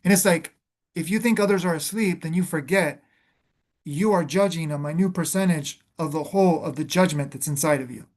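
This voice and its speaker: A man's voice: fairly high pitch, a little fast. A man hosting a reflective spiritual conversation, speaking earnestly and calling the listener "beloved", often restarting his phrases as he searches for words.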